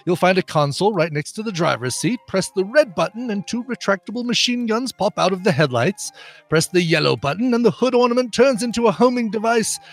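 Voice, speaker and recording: A man's voice: sits high, lively intonation, brisk, soft background music, pitched above the performer's own voice. A man doing a comic impression of a fussy older gadget quartermaster, prim and scolding.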